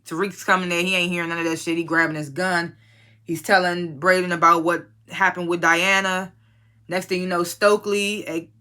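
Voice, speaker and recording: Recapping a TV episode in casual conversation, this reviewer is blunt, profane and opinionated, retelling scenes and tossing in loosely performed character quotes. The voice sounds bright and forceful, with pitch in a middling range.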